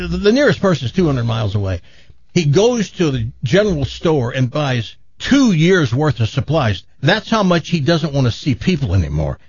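A man hosting a radio talk show, telling a long joke in a casual, animated way, his jaw sore after dental work. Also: a little high, husky, no room sound, lo-fi sound. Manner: animated joke-telling, laughs at own story.

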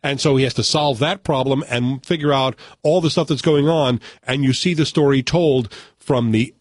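A man hosting a radio chat, retelling and reviewing a movie in an animated, laughing way. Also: medium pitch, normal speed, no echo, clean studio sound. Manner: animated storyteller, laughs often. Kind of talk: casual chat.

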